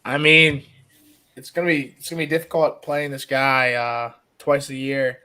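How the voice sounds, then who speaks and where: A man's voice: mid-range voice, flat delivery, moderate pace, sharp tone. A man co-hosting a casual podcast, rambling with many fillers and casual swearing. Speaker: podcast co-host.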